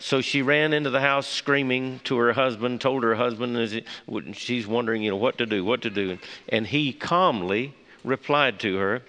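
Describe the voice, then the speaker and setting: A man leading a morning Bible study, folksy and halting, with many fillers and restarts as he tells a joke and prays. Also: medium pitch, fairly bright tone. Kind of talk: morning devotional talk with prayer. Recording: long hall reverb.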